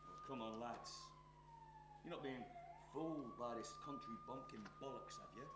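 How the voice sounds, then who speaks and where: A man's voice: mid-range voice, huge pitch swings, moderate pace, echoey room, heavy background noise. An actor playing a menacing, scheming male arsonist on stage, taunting and sneering. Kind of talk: stage play performance.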